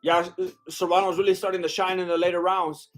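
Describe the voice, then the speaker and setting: Young male streamer, high voice, loose excitable fight commentary with chat asides. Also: a little fast, soft background music. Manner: excitable, exclaims at big shots, chats with viewers. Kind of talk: casual live commentary and chat.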